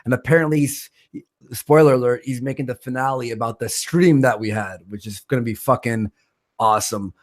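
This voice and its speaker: A man's voice: mid-range voice, a little fast. A man hosting a live stream, casually reading out viewer donations, joking and stumbling over names. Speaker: stream host.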